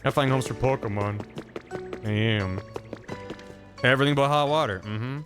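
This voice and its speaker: A man streaming a video game who thinks aloud in a rambling, casual way and reads in-game text out loud. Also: medium pitch, normal speed. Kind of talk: casual gameplay commentary. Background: game music.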